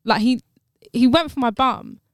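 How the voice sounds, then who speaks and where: Woman, fairly high voice, dry close sound, animated casual podcast chat. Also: moderate pace, no room sound. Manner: animated storytelling with swearing, jumps high when indignant. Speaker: podcast co-host.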